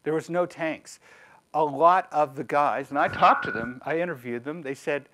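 Male author-lecturer, slightly high voice, digressive storyteller with dry humor. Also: moderate pace, slight background noise. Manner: wry, digressive, lively storyteller. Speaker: guest speaker, author. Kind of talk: conversational history lecture with slides.

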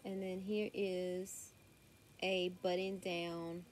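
Her voice is lowish, darkish and level, and she speaks slowly. This young woman from the Southern US, with a thick accent, chats casually through a clothing haul at home near her daughter, drawling and saying y'all frequently, recorded on a tablet's built-in mic.

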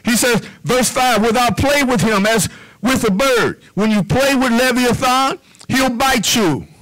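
Male pastor, high bright voice, preaching with hushed repetitions. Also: animated, a little slow, low-quality recording. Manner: preaching with repetition, drops to a low hush on "whisper". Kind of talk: sermon.

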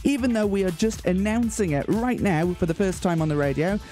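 Male community radio host, deadpan mock-grand delivery, mellow tone, light music bed. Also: high voice, brisk. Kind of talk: radio show presenting. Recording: faint music bed behind.

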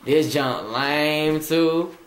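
A woman's voice: deep voice, very slow, reverberant. A woman plays a bored young man who is chatting on his phone during a play. He talks in slang, drawls, and keeps saying "bruh". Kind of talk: amateur comic skit.

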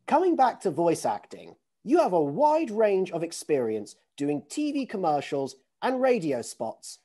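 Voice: mid-range voice, wildly swooping pitch, unhurried, dark tone. An interviewer asking prepared questions in an encouraging, admiring manner. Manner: encouraging and admiring toward the guest.

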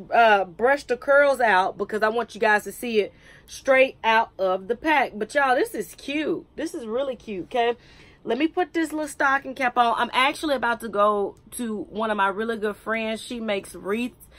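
An American woman in her thirties chats to camera in a wig review vlog, joking and poking fun at herself. Her voice is fairly high and a bit bright, at a moderate pace.

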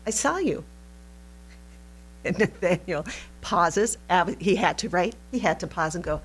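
A woman teaching a recorded Bible study in an animated, playful way, laughing often. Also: lowish voice, unhurried, husky, soft background music.

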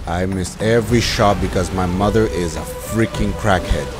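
A man giving animated let's-play commentary as a gaming YouTuber, ranting and swearing mildly with sudden shouted outbursts. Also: low-pitched, normal speed, music in the background.

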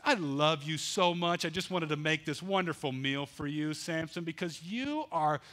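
A man voicing a pleading, manipulative young wife with a high, whining voice. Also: lively intonation, normal speed, a bit bright. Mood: sweet coaxing.

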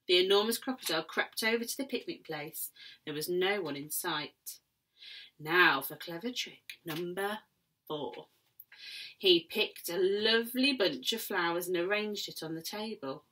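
Female teacher reading aloud to children, expressive with hushed asides. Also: on the low side, moderate pace, a little hiss or hum.

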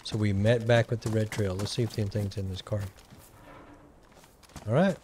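A man's voice: on the low side, fairly even intonation, normal speed, a little mellow, a little hiss or hum. A man giving casual gameplay commentary, rambling and thinking aloud as he plays. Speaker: gaming channel host.

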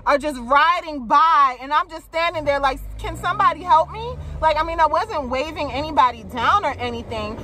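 High-voiced young woman, bright tone, animated story time, swears a lot. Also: normal speed, hardly any pauses. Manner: animated, swears freely, shrieks when quoting her panic. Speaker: vlogger. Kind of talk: casual storytelling.

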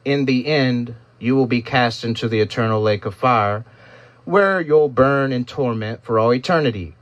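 A man voicing a towering, glowing winged angel who speaks with a calm, solemn, preaching cadence. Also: medium pitch, moderate pace, no echo, pitched above the performer's own voice, lightly acted. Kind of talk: scripted narration.

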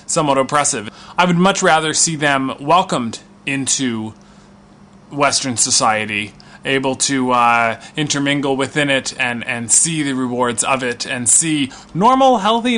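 A man's voice: fairly high pitch, bright, forceful tone, a little hiss or hum. A male comedian delivering a sarcastic, rambling comic monologue, with plenty of fillers.

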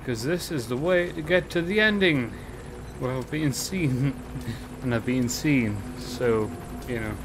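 A man's voice: medium pitch, expressive, slow, noisy background. Foul-mouthed man narrating his gameplay. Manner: swears a lot, loud frustrated outbursts. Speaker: gameplay commentator. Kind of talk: casual gaming commentary. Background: game sounds.

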